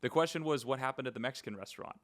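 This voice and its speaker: A man's voice: mid-range voice, racing. A man hosting a podcast, asking questions in an easygoing way. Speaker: podcast host. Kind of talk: casual podcast interview.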